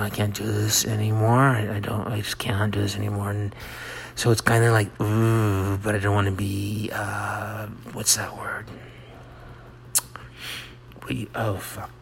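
A middle-aged man talks in a rambling personal monologue, his low voice rough with a gravelly edge. He stops and restarts, mocks himself, and keeps slipping into quiet whispered asides. A faint hum of ambient noise sits behind him. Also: level tone. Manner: halting, self-mocking, drops into soft whispered asides. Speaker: monologue host.

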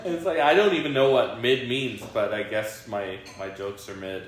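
A man's voice: medium pitch, moderate pace. Rambling man in an echoey room. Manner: rambling, laughs often, many fillers. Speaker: podcast host. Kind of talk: casual chat. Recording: very echoey room, faint hiss.

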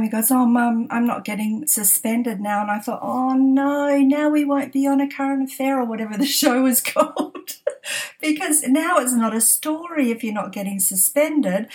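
A middle-aged woman telling a family anecdote on a podcast, laughing often and acting out the quotes. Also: medium pitch. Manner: laughs often while telling, animated quoting. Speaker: podcast storyteller. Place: at home desk.

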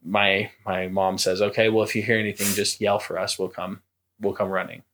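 Young man, low-ish voice, casual podcast storytelling, acts out voices. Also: fairly quick. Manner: animated, acts out quoted voices and creaks. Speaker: podcast co-host.

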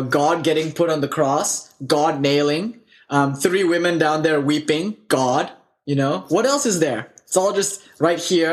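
Animated man telling spiritual stories. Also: a little high. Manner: animated, loose storytelling with many fillers. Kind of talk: casual spiritual storytelling.

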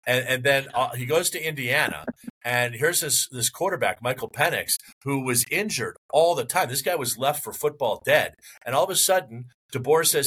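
Male podcast co-host, bright and forceful voice, rambling sports rant with mock outrage. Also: medium pitch, expressive, a little fast, breathy edge, low-quality recording. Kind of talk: casual sports chat.

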